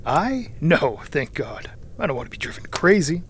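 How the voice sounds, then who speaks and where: Brash young cavalry officer, hearty and teasing, raised pitch, read by a male narrator. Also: sing-song, normal speed, a bit bright, a little hiss or hum. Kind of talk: audiobook character reading.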